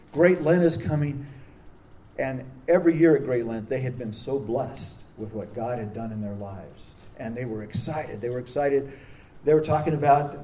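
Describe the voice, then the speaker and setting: Mellow-voiced priest telling a story. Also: male voice, mid-range voice. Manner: earnest, anecdotal, with frequent restarts. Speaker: prison chaplain, priest. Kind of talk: storytelling talk. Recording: distant mic with faint noise.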